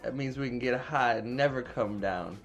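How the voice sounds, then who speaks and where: A man's voice: mid-range voice, normal speed, natural voice. A man voicing a stoned middle-aged uncle who muses lazily.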